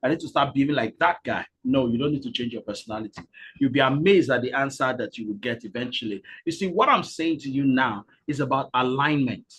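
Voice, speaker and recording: A man hosting a live webinar, energetic and repetitive, urging the audience to type into the comments. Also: mid-range voice, quick pace, husky. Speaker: webinar host and speaker.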